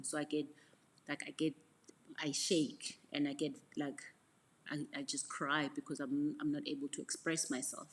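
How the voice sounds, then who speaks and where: A middle-aged woman mentorship coach, giving a frank, reflective motivational talk with repeated words and soft asides. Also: deep voice.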